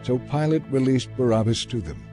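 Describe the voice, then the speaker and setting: A man narrating scripture in a measured, dramatic reading. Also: mid-range voice, expressive, warm tone, soft background music.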